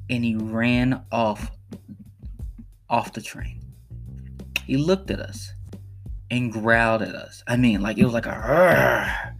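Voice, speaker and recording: A man's voice: medium pitch, fairly bright tone. Earnest man telling a personal story. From Chicago. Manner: earnest, emphatic, repeats phrases for emphasis. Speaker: podcast host.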